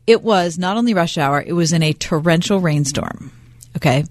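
A woman's voice: fairly low pitch, moderate pace, darkish tone, no room sound, clean studio sound. A woman co-hosting a radio show, trading casual banter and telling stories with a teasing wit. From Pittsburgh. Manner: chatty, storytelling, teasing.

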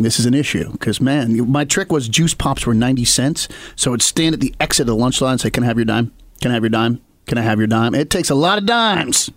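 Animated male storyteller, dry studio sound. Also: mid-range voice, no echo. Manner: animated storyteller, acts out quoted voices. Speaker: podcast co-host. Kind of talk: casual chat, storytelling.

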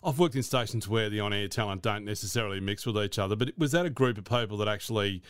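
Male host, lowish smooth voice, dry studio sound, friendly interviewer. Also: fast, dry recording. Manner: friendly, easygoing, some restarts. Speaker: radio host. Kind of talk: casual radio interview. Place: radio studio. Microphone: studio mic.

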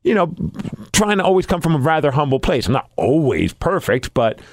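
Guy co-hosting a podcast, lively up and down voice, blunt and fed up, dry studio sound. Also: fairly high pitch, brisk, dry recording. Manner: animated storyteller, blunt and exasperated. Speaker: podcast co-host. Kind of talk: casual studio chat. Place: radio station studio.

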